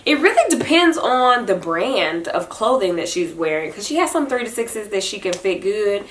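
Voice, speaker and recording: A woman's voice: mid-range voice, sing-song, moderate pace, slight background noise. A young adult woman talking casually about her baby in a vlog, chatty and breaking into sing-song baby talk at home. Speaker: vlogger and mother. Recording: echoey room.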